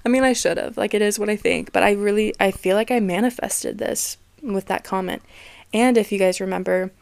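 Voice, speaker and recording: A woman's voice: mid-range voice, steady tone, brisk, gravelly, clear, resonant tone, no echo. A woman in her twenties hosting a casual solo podcast, talking candidly, swearing freely and laughing often. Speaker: podcast host.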